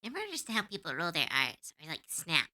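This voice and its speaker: A woman's voice: lowish voice, huge pitch swings, quick pace, pushed and bright. A woman streamer chatting casually to her viewers, rambling and giggling between thoughts.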